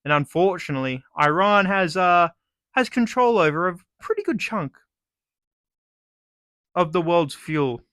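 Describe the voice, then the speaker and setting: A man's voice: high voice, lively intonation, measured pace, long pauses, bright, forceful tone, no echo, clean studio sound. A young man with an Australian accent delivering a sarcastic, sweary comedic rant. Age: young adult. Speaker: vlogger.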